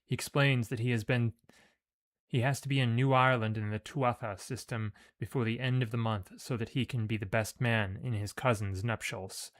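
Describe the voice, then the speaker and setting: A man's mid-range voice, fairly even in intonation and at normal speed, reads out a video game's story text during play. He's casual about it, with loose emphasis and the occasional offhand aside.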